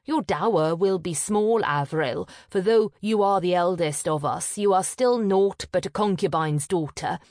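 A woman's voice: fairly low pitch, sing-song, a little slow, hardly any pauses, darkish tone, dry recording, clean studio sound. A woman voicing a lofty, demanding young noble sister. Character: legitimate middle sister, lofty young girl.

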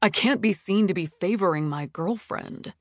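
A woman's voice: medium pitch, moderate pace, no room sound, clean studio sound, lightly acted. A woman voicing an impatient male executive. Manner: patronizing, defensive. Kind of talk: audiobook character reading.

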